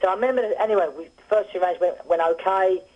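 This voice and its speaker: A former boxer rattles through fight stories over a muffled phone line. His voice is husky and quick, and his anecdotes ramble along with restarts. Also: sits high. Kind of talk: casual phone interview.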